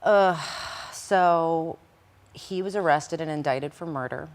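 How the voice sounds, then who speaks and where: A middle-aged woman with a low voice tells a personal story in an interview. She is animated and emotional, and she acts out the lines of the people in it. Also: slow pace. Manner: animated, acts out quoted dialogue. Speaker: interview guest recounting past events.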